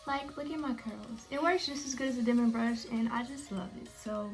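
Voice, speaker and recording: A woman's voice: fairly high pitch, a little fast, faint music behind. A young woman chatting casually to her viewers as she walks them through her hair-care routine. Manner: chatty, talks straight to viewers. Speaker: beauty vlogger.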